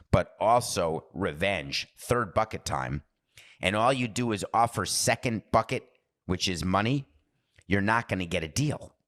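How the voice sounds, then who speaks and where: A man's voice: deep voice, a bit bright. A man hosting a podcast, talking in a rambling, digressive monologue that keeps interrupting itself. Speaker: podcast host. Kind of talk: casual monologue.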